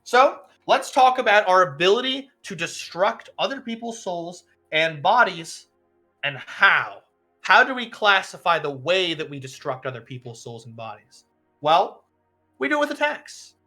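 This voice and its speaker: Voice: medium pitch, sing-song, measured pace, bright, forceful tone, faint music behind, exaggerated voice. A streamer voicing a strict male combat teacher who lectures with rhetorical questions and dry humor in a tabletop role-play. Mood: lecturing. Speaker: game master.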